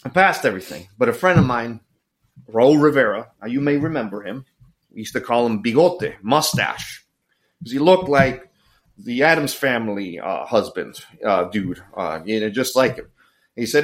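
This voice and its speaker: A middle-aged man, a podcast guest, telling stories in an animated, joking way with apologetic asides. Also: fairly low pitch, normal speed. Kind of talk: casual storytelling chat.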